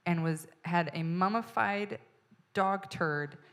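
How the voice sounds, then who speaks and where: A woman comedian telling a profane, exasperated story on stage, now and then bursting into loud yelling. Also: fairly low pitch, takes it slowly, a little hiss or hum. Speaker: stand-up comedian. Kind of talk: stand-up storytelling.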